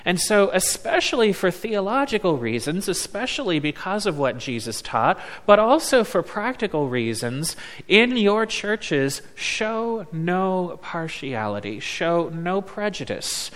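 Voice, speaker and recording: A man preaching a sermon as a pastor, slow and deliberate, leaning on words with emphatic pauses. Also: high-pitched, big pitch swings, a bit bright. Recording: long reverb of a large hall.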